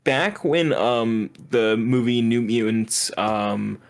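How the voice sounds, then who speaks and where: A man's voice: medium pitch, slow, creaky. Giggly man chatting about movies. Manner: giggly, explains movie trivia with frequent laughs. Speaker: podcast co-host. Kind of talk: casual movie chat.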